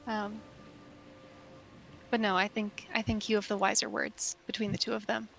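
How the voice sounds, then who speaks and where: A woman playing in a tabletop game, speaking in character softly and earnestly. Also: medium pitch, level tone, moderate pace, vocal fry, slight background noise. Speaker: player. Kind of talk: in-character role-play.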